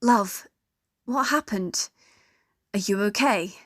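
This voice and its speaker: A woman voicing a caring young woman who speaks softly and worriedly, turning firm when needed. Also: medium pitch, unhurried, dry recording, studio quality, lightly acted.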